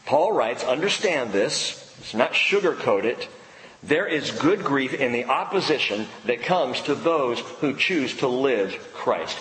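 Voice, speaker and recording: A man preaching a sermon in a church, emphatic, pausing dramatically on key words. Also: mid-range voice, animated, a bit bright, a little hiss or hum. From United States. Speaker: pastor. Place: church sanctuary. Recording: echoey hall with long reverb.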